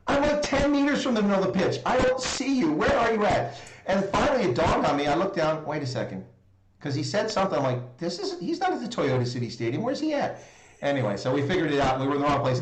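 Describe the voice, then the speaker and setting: Male stream host, chatty storyteller, average pitch, roomy echo on the mic. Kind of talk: casual live stream chat.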